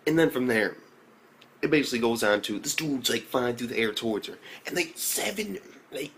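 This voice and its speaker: Profane excitable young man recapping anime. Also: normal speed, slight background noise. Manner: excitable, profane, swings into high exclamations. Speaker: anime reviewer. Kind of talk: casual vulgar recap.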